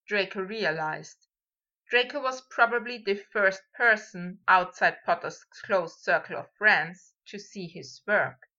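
A woman narrating a story in a measured, steady reading voice, on a dull lo-fi recording. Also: mid-range voice. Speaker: audiobook reader.

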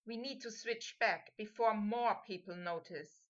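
A woman reading an audiobook, voicing a flustered, hurried teenage boy wizard who mutters, on a slightly muffled recording. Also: medium pitch, lightly acted. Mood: grumbling. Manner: muttering and breathless. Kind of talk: audiobook fan fiction reading.

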